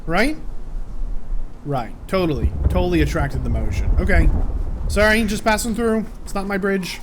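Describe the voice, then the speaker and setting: Excitable joking man playing a game. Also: high-pitched, normal speed, background noise. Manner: jokey, excitable reactions with sudden yelps. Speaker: gameplay commentator. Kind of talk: let's-play commentary.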